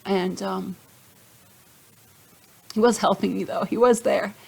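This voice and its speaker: A woman's voice: medium pitch, fairly even intonation, slow, vocal fry, a little mellow, breathy edge, low-quality recording. Heartfelt woman talking straight to viewers. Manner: emotional, gets choked up. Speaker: vlogger sharing her faith testimony. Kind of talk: personal testimony vlog.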